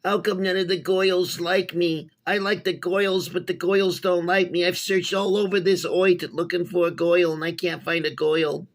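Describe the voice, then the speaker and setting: A man's voice: sits high, level tone, moderate pace, few pauses, voice pushed up. A man doing a whiny lovesick teen boy. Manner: whining. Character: whiny lovesick teenage boy, moping and pleading.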